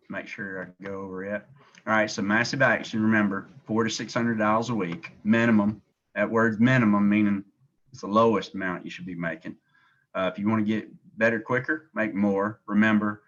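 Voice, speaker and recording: A man's voice: on the low side, fairly bright tone. A man with a Southern accent from Tennessee, leading a sales training call as agency director, emphatic and repetitive. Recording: dull lo-fi call audio.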